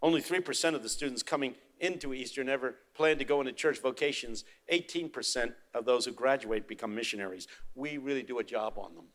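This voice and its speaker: Older man, storytelling preacher; bright, forceful voice, big dynamic swings. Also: mid-range voice, fairly quick, few pauses. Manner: dramatic, swings from hushed to shouting. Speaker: preacher and university professor. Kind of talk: storytelling sermon.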